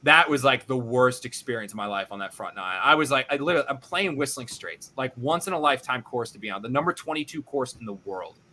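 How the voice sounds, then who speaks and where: A male podcast host telling a casual, animated story, swearing freely and acting out his own reactions. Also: mid-range voice, fast, hardly any pauses.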